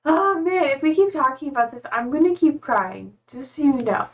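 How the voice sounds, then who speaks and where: A young woman with a slightly high voice rambles through a casual live-stream chat, fighting back tears as she talks. She sits a little back from the microphone, so her voice comes across with some distance. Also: animated, fairly quick, dull audio. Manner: rambling, emotional, close to tears. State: tearful, trying not to cry. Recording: speaking from a distance to the mic.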